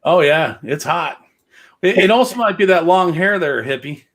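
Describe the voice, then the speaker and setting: A man's voice: fairly high pitch, lively intonation, normal speed, a bit bright. A man hosting a casual livestream, rambling with many fillers and jokes. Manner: rambling, filler-heavy, joking. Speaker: host of a livestreamed gaming show.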